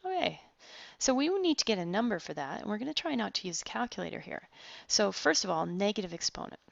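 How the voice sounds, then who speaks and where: A woman with a mid-range, creaky voice speaks quickly, her pitch swinging widely as she tutors math online, walking students through each problem step by step and encouraging them along the way. The recording is close, dry, and dull.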